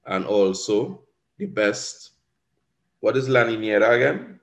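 A man's voice: mid-range voice, lively intonation, measured pace. A man with a Caribbean accent teaching an exam revision lesson, explaining patiently and often checking in with "right?". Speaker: Spanish teacher.

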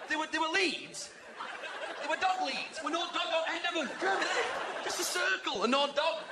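Brief: Northern English stand-up in his forties, chatty mimic; live arena, loud laughter and noise behind. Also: sits high. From England. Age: 40s. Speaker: stand-up comedian. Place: large arena stage. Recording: echoey arena, roaring crowd.

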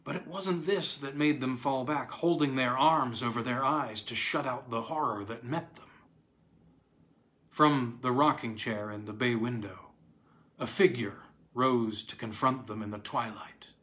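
Male narrator, mid pitch, dramatic horror reading with sudden loud and hushed turns. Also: a little slow. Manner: dramatic, with sharp swings in pitch and loudness. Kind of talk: scripted horror story reading.

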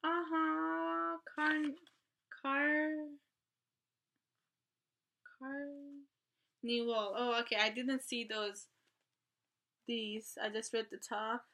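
Woman, high voice, slow gushing unboxing chat, gasps a lot. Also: creaky. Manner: excitable, gasping and gushing. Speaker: vlogger unboxing an album.

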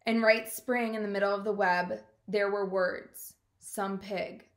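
A woman's voice: mid-range voice, steady tone, a little slow, natural voice. A woman doing a solemn, earnest farmer. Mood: insistent. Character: flustered farmer Mr. Zuckerman, middle-aged man. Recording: roomy echo.

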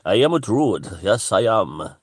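A man voicing a lecherous, boastful cosplay druid with a put-on Welsh accent, loud and sing-song. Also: fairly low pitch, big pitch swings, unhurried, breathy edge, no room sound, clean studio sound, heavily acted. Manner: hammy, self-important proclamations.

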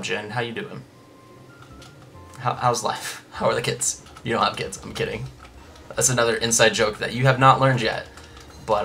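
A man's voice: medium pitch, vocal fry, bright, forceful tone. A young man hosting a casual Let's Play, chatting and rambling with lots of restarts and side comments.

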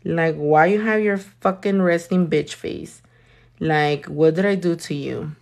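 A woman's voice: sits low, a little slow, gravelly. A young woman doing her nails while chatting with live viewers, blunt and sassy, swearing often. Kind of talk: casual chat with live viewers.

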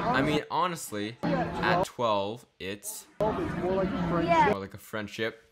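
A young man from Canada hosting a casual reaction commentary, jumping between murmured asides and loud exclamations. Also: high-pitched, very animated, a little slow. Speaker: YouTube commentary host.

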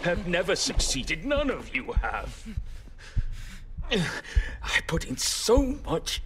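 A man voicing a cryptic, intense man in a video game who is trapped forever and serves a Mother, speaking slowly and sometimes dropping to a whisper. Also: high voice, wildly swooping pitch, noisy background, exaggerated voice. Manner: intense, theatrical, drops to whispers.

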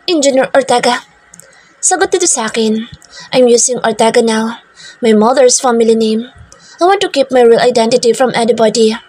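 A woman's voice: a little high, a little mellow, no room sound. A woman reading a first-person romance story, switching between English and Tagalog, in a stern, bossy tone. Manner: stern, bossy narrator voicing a strict company owner.

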